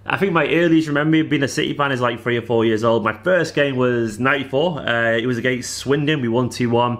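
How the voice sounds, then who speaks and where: A man in his thirties with a Manchester accent, chatting casually as he answers viewers' questions on his football fan vlog, animated and bantering. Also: medium pitch. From Manchester, England.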